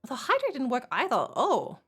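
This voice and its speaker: Live streamer, woman, mild Australian accent, lively casual chatter, laughs a lot. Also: high voice, normal speed, husky, soft background music. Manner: chatty, laughs often, talks to chat while fixing tech.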